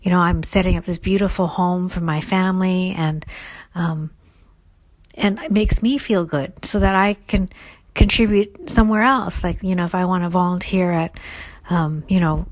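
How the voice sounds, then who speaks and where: A woman's voice: on the low side, fairly even intonation, moderate pace, dry recording. A middle-aged woman casually answering listener questions on recovery, thoughtful and full of fillers and restarts. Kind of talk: casual solo Q&A talk.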